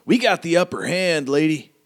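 A man's voice: expressive, normal speed, vocal fry. A man voicing a brash, defiant small-town male mayor who answers with scorn. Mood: scornful. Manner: scornful, contemptuous and high-pitched.

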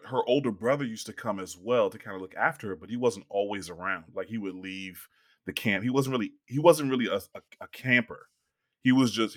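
A young man telling a long story in casual podcast chat, animated and acting out the people he quotes. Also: on the low side.

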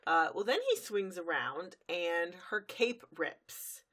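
Woman co-host, lower register, easygoing run-on storytelling. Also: animated, takes it slowly, fairly bright tone. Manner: recaps plot in long run-on narration with fillers. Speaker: podcast co-host recapping an episode. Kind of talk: casual chat.

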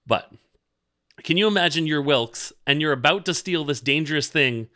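With a fairly high pitch, lively intonation and a sharp tone, this man talks at a moderate pace. He's a podcast co-host casually recapping a TV episode, rambling and full of fillers.

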